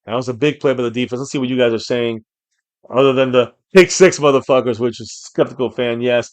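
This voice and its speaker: Excitable male fan streamer, dry sound. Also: mid-range voice, brisk, dry recording. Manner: excitable, erupts into shouting on big plays; reads viewer names and comments aloud. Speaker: fan streamer reacting to a live game. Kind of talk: live game reaction and chat reading.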